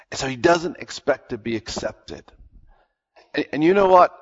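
A man's voice: on the high side, a bit bright. A man preaching a sermon, retelling Bible stories in an earnest, emphatic way and repeating words to stress his points. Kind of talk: sermon storytelling. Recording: long hall reverb, dull lo-fi sound.

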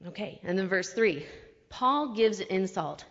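A woman's voice: medium pitch, animated, unhurried. A woman giving a casual, chatty Bible teaching with slang asides, explaining verses in everyday terms. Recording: long reverb, dull lo-fi sound.

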